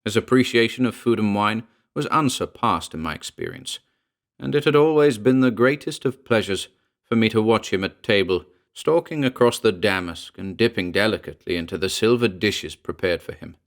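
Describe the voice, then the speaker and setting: Low-voiced male horror narrator. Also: expressive. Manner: measured, earnest first-person storytelling. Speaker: audiobook narrator. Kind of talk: scripted narration.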